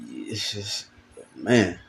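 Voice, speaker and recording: A man's voice: on the low side, very animated, drawn-out words, creaky. A man giving an informal video sermon, casual and profane, full of fillers, reading scripture aloud between comments. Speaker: preacher.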